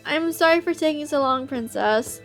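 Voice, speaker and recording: A woman voicing a gentle, loyal young male knight while reading a visual novel aloud. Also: high-pitched, normal speed, faint music behind. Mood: tender.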